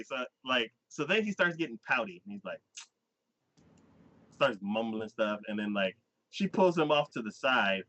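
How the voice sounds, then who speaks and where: A male podcast host tells a story in casual chat, his pitch rising and falling widely as he slips into the characters' voices. His tone is bright and forceful. The recording is dry and dull, with a lo-fi feel. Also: measured pace, no echo. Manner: animated storyteller who acts out characters' lines in quoted voices. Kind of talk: casual chat recapping an anime.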